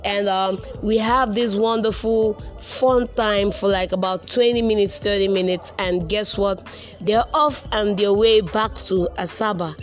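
A young man with a Nigerian accent telling a casual personal story, animated and repeating words for emphasis. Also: high-pitched, measured pace, faint music behind.

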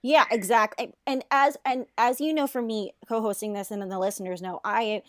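A fairly high-voiced woman in her thirties, co-hosting a chat podcast and telling a story with big animated swings, loose swearing and frequent laughter. The sound is dry and close, with no room around it. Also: brisk, dry recording. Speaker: podcast co-host.

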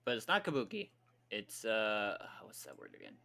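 A man's voice: fairly low pitch, huge pitch swings, gravelly, pushed and bright. A man co-hosting a casual podcast chat in a playful, teasing way. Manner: playful, quick to laugh and tease. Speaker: podcast co-host.

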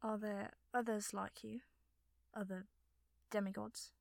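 A woman voicing a curious, teasing young man who speaks gently. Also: high-pitched, flat delivery, measured pace, gravelly, no room sound, clean studio sound. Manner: teasing, then soft and gentle.

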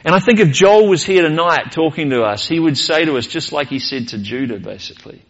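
A man's voice: fairly high pitch, expressive, fairly quick, fairly bright tone, dull audio. A male pastor, preaching a sermon earnestly and posing rhetorical questions.

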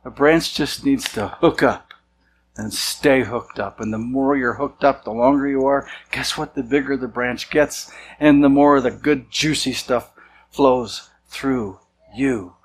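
A man's voice: medium pitch, a little slow, a little hiss or hum, poor audio. Conversational man preaching a sermon. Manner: conversational preaching, acts out quoted voices. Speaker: pastor.

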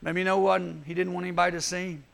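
A man preaching a youth sermon, telling Bible stories in an animated way and acting out the voices. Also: high-pitched, rapid-fire, vocal fry. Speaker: youth speaker.

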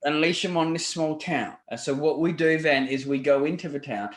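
An Australian man putting on a deliberately bad British accent to voice a scheming medieval rat piper, recorded with a roomy echo. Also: on the high side, fairly even intonation, voice pushed up, natural voice.

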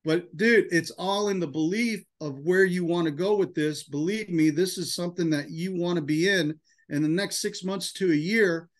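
A man's voice: high voice, moderate pace, hardly any pauses. A man leading a sales team, giving an emotional, hype-filled motivational talk in a casual style full of "man" and "dude". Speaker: insurance sales team leader.

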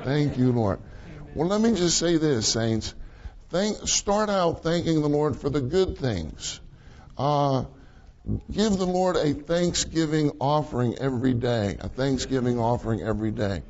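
A man's voice: fairly high pitch, animated, a little slow, a little mellow, lo-fi sound. A man preaching a sermon in a conversational way, often repeating his key phrases for emphasis.

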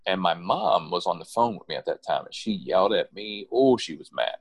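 A middle-aged man with a very low voice tells personal stories in a loose, conversational way. He restarts and repeats words as he goes and jumps up in pitch when he quotes people. The recording is dry and close. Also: expressive, fairly quick, husky, no echo. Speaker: guest telling personal stories. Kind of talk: casual conversational storytelling.

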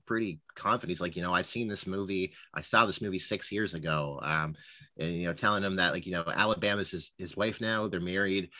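A man co-hosting a podcast, chatting casually about a movie, swearing freely and animated. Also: deep voice, dry recording. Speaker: podcast co-host.

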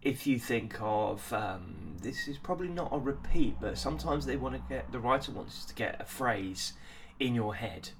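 A man giving a drama lesson, talking haltingly with many ums and restarts. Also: mid-range voice, expressive, a little hiss or hum. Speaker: acting teacher.

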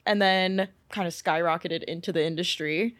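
A woman's voice: lowish voice, fairly even intonation, moderate pace, fairly bright tone, no room sound. A woman hosting a casual podcast interview, chiming in with encouraging remarks and questions. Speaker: podcast host.

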